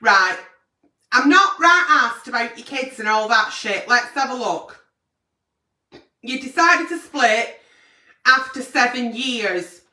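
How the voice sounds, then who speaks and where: A woman's voice: fairly high pitch, expressive, slow pace, long pauses, bright, forceful tone, distant mic. Brash, sweary woman host. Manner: blunt, brash, swears constantly. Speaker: advice show host. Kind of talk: late-night agony aunt chat. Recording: echoey room, away from mic.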